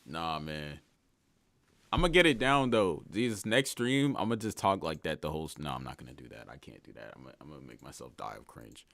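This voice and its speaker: A man's voice: a bass voice, sing-song, brisk, gravelly, a bit bright, no echo, studio quality. A man livestreaming and chatting casually with his viewers, talking in slang, rambling and laughing often. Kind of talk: casual stream chat, reading chat aloud.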